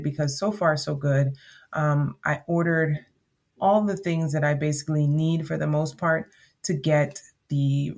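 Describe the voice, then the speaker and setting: Low-voiced chatty woman podcaster. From Jamaica. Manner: chatty and rambling, with emphatic repeats. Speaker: podcast host. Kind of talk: casual solo monologue.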